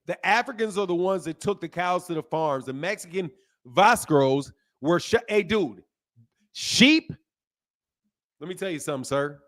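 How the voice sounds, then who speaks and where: A man's voice: fairly high pitch, expressive, moderate pace, a bit bright. Heated slangy man lecturing on stream. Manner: heated, lecturing, loose slang, repeats himself. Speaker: livestream host. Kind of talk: casual livestream talk, answering chat.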